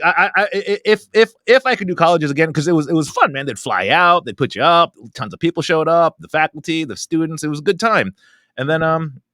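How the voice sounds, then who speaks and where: A man's voice: a little high, bright, forceful tone, no room sound. A man co-hosting a comedy podcast, talking casually, stammering and repeating words, with plenty of swearing. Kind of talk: casual chat.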